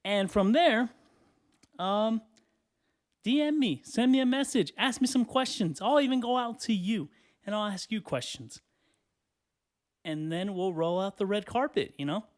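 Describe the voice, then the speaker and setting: Dude doing a solo podcast rant in his bedroom, kinda high voice, swears a lot, clears his throat, bit out of breath. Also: a little slow, long pauses. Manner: rambling, profane, lots of "you know". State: out of breath and sweaty, standing. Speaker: podcast host. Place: small hot bedroom.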